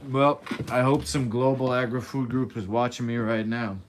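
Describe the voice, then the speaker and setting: A man's voice: medium pitch, steady tone, moderate pace, background noise. A man hosting a home news show, reading articles aloud and breaking off into sarcastic asides while he cooks in his apartment. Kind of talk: casual news commentary while cooking. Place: apartment kitchen.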